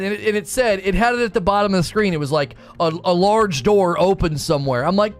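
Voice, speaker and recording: A man's voice: high-pitched, fast, few pauses, faint music behind. A man streaming a game and chatting casually with his viewers, laughing often and acting playfully exasperated. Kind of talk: casual live-stream chat.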